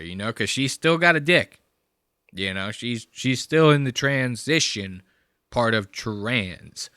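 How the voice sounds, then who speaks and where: Young guy reacting to clips, swears a ton, kinda high and rambly, bright voice, super dry close mic. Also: dry recording. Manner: loose, profane and rambling. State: high on marijuana. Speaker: reaction video host. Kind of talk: casual reaction commentary.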